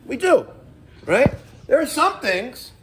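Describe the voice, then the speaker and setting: A man's voice: very high-pitched, big pitch swings, takes it slowly, background noise. A middle-aged man, a plumbing contractor telling stories and giving advice in a casual, emphatic, profane vlog rant.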